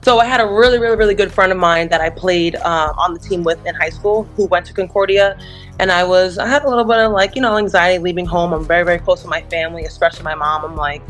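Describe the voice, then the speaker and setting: Young woman, quick speech, chatty, relaxed, faint music behind. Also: lowish voice. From Long Island, New York. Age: young adult. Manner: chatty, relaxed, laughs easily. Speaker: basketball coach guest. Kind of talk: casual interview.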